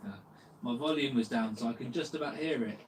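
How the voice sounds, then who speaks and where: Man, live-stream host, joking and teasing, mid pitch, set back from the mic, faint background hiss. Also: a little fast, recorded from a distance. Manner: jokey, teasing, laughs often. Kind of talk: casual live-stream chat with viewers.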